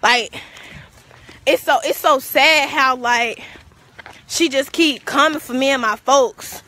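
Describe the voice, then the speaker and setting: High, bright-voiced young woman ranting. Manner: profane, confrontational, fast and emphatic. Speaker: vlogger. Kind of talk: heated rant to camera. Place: outdoors, walking to a store.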